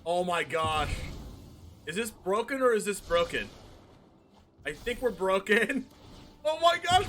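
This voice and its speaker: A man with a very high, lively voice that leaps around as he commentates his card game live. He talks in slow, drawn-out bursts, often yelling or laughing at each play, with quiet music underneath. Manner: excitable, shouting and laughing at plays.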